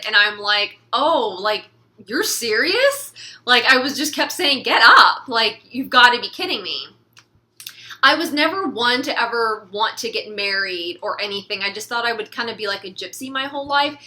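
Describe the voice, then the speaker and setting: A woman's voice: on the high side, pushed and bright. A young woman vlogging in a casual, rambling chat to camera, laughing often and filling with "like". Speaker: beauty vlogger.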